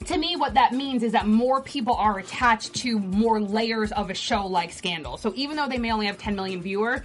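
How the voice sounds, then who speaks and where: Woman co-host, quick explainer, higher voice, light music bed. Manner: fast, explanatory, talks through examples. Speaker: co-host of a fan show. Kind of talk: casual panel discussion.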